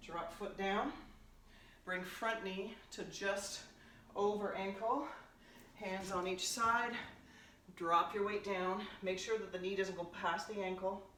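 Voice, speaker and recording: A woman leads a home workout with upbeat coaching cues and countdowns, sometimes out of breath. Her voice is mid-pitched and stands a few steps back from the mic. The room is echoey and there is a clear hiss of noise. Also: fairly even intonation, takes it slowly, fairly bright tone. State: out of breath at times. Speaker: fitness instructor. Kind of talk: workout instruction. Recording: roomy, distant, noisy home recording.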